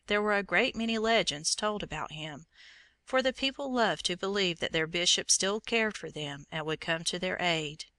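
A woman reading a saint's storybook aloud in a measured, gentle storytelling manner. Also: on the low side, creaky, no echo. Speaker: reader. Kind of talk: storybook narration.

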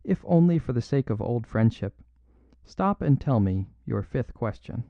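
A man reading an audiobook, voicing a gentle little priest who answers softly and calmly. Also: mid-range voice, measured pace, vocal fry, no echo. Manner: soft, even, mild replies. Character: gentle little male priest detective, calm and quietly odd. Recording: dull lo-fi dry recording.

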